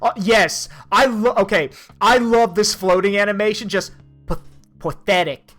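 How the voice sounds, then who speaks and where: A streamer reacting out loud while playing a game, with playful, animated commentary full of teasing asides. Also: medium pitch, normal speed, faint music behind.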